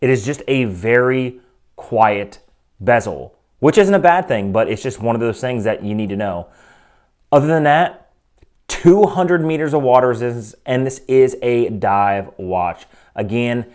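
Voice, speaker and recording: A man's voice: medium pitch, darkish tone, clean tone. Opinionated man reviewing a watch. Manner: opinionated, conversational, frequent asides. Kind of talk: casual product review. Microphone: desk microphone.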